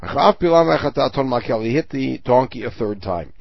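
A man teaches a Torah lesson, reading Hebrew verses and translating each one, then explaining it with everyday comparisons. His voice is gravelly and a little husky. The recording is dry and dull, with no room sound. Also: medium pitch, lively intonation, fairly quick, no room sound.

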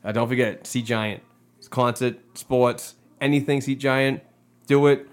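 A man's voice: mid-range voice, steady tone, a little slow. A man hosting a podcast in easygoing, casual chat. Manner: easygoing, apologetic, wrapping up. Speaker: podcast host.

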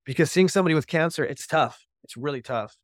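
A man's voice: fairly high pitch, fast, no room sound, studio quality. A man guesting on a podcast, telling his personal recovery story in an earnest, heartfelt way, with many casual fillers.

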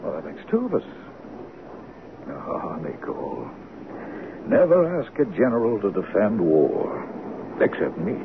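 A wry, affectionate American general in a 1970s radio drama. His lowish voice rises and falls with plenty of life. The sound is thin and phone-like, with a steady hiss like an old broadcast. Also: a little slow, pauses often, heavily acted. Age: middle-aged. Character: American brigadier general, fond, wry husband.

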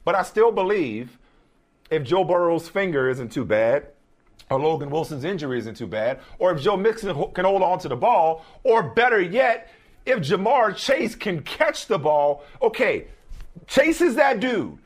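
A man's voice: high voice, big pitch swings, moderate pace. A man hosting a sports talk show, arguing his points emphatically and often repeating himself. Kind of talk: sports debate.

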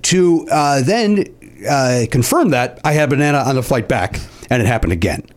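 A man's voice: mid-range voice, animated, moderate pace. A man hosting a radio show, chatting casually with self-mocking humor and stammering restarts. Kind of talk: casual banter.

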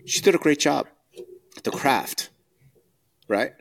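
A male podcast co-host speaks in a blunt, emphatic way and keeps stacking rhetorical questions. His pitch swings widely from phrase to phrase, giving him a lively, animated delivery. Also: takes it slowly, gravelly. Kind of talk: casual podcast discussion.

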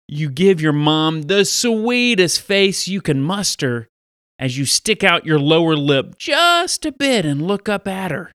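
A male pastor who hosts a Bible podcast, telling stories and teaching preteens in an upbeat, animated way. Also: a little high, a little slow, no room sound, clean studio sound.

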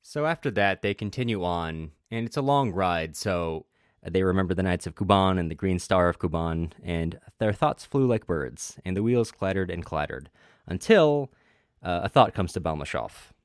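A man with a very low voice talks through a story in a casual book podcast, pausing often on "uh" as he works through it. He reads quoted passages aloud. The sound is dry and close, with no room around it. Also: lively intonation, smooth, no room sound. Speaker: podcast co-host.

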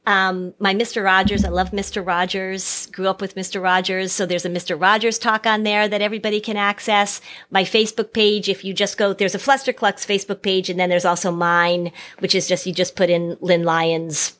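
A woman's voice: medium pitch, little pitch movement, a little fast, hardly any pauses, a bit bright. A middle-aged woman psychotherapist and author, chatting as an interview guest with self-deprecating humor and frequent restarts. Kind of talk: casual interview chat.

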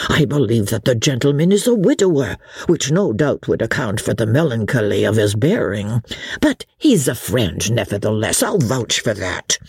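A woman voicing a deferential old male innkeeper who speaks slowly in a folksy, rustic way. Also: rumbling low, a little mellow, husky, dry recording, clean studio sound, heavily acted.

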